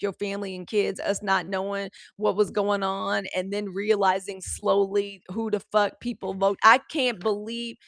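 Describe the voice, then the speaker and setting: A woman's voice: medium pitch, a bit bright, no room sound, studio quality. Blunt, exasperated woman hosting news. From United States. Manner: blunt, exasperated, profane, talks straight to viewers as "y'all". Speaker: host of a daily live news commentary show. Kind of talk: casual live news commentary.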